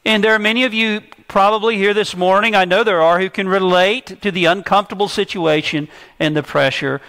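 A man's voice: high voice, steady tone, fairly quick, pushed and bright. A man preaching an expository sermon to a church congregation, stressing key words with emphasis. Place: church service.

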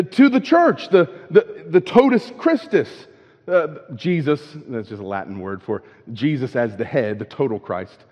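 A man's voice: mid-range voice, a little mellow. A man preaching a sermon in a conversational way. He keeps checking in with "right?", and he repeats and restarts words as he goes. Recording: dull lo-fi with long hall reverb.

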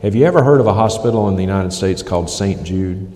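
Deep-voiced man preaching in an echoey hall. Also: quick pace, dark tone. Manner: emphatic, repeats for stress. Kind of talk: critical sermon commentary.

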